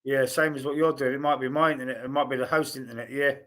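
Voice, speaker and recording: A man's voice: mid-range voice, fairly even intonation, fast talker, a bit bright. A man with a Cockney accent hosting a casual football podcast over a video call, chatty and full of fillers. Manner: chatty, hesitant, drops in fillers. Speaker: podcast host.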